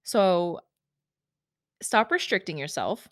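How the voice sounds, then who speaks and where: A woman's voice: fairly low pitch, lively intonation, takes it slowly, dry recording, clean studio sound. A woman hosting a podcast, talking casually and emotionally about her own life in a chatty way, full of "like" and "y'all". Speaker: podcast host. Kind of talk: casual personal monologue.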